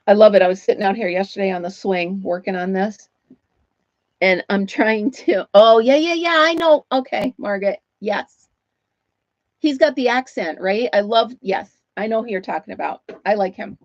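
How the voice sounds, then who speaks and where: A woman's voice: medium pitch, moderate pace, no room sound, dull audio. A woman hosting a casual livestream from home, chatting with viewers while she crochets and laughing often. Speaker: livestream host.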